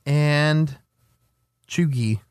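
A man's voice: a little high, drawn-out words, smooth, no echo, clean studio sound. A young man co-hosting a podcast, chatting casually and playfully reading out news items. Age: young adult. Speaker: podcast co-host. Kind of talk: casual chat.

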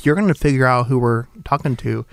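A man's voice: medium pitch, brisk, creaky, dry recording, clean studio sound. A young man hosting a talk show, bantering playfully and gushing over his guests. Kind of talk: casual banter.

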